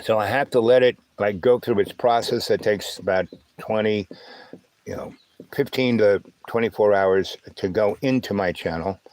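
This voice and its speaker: A man hosting a casual livestream on an old phone, talking in a halting, rambling way full of fillers and "right?", with a slight lisp and twang. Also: on the low side, a little mellow, no room sound. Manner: halting, filler-heavy, asks "right?" often. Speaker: livestream host.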